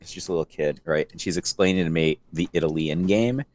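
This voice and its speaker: A middle-aged man co-hosting a casual podcast chat, telling animated stories and acting out the voices of people he quotes. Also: low voice, fairly quick, a little hiss or hum. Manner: animated storyteller, acts out quotes. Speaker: podcast co-host.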